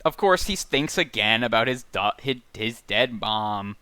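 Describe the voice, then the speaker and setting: A man with a smooth, crisp voice reads literary passages aloud, savoring each phrase at an unhurried pace. The sound is close and dry, with no room around it. Between readings he drops into relaxed book-club chat. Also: mid-range voice, no echo. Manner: reads passages slowly and rhythmically, then chats quickly. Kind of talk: casual book discussion with dramatic reading. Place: home setup, streamed live.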